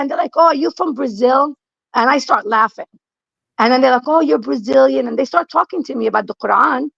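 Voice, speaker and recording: A blunt, emphatic middle-aged woman, her voice a touch high and gravelly with fry. She talks casually and repeats her points for weight. The sound is dull and lo-fi in a dry, dead space. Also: a bit bright, dry recording. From Lebanon. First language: Aramaic. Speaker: guest. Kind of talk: casual conversation.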